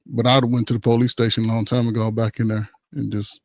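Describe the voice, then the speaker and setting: Gravelly-voiced man on a panel. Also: medium pitch, fast talker, no room sound. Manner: animated storytelling with profanity and laughs. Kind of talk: casual panel discussion.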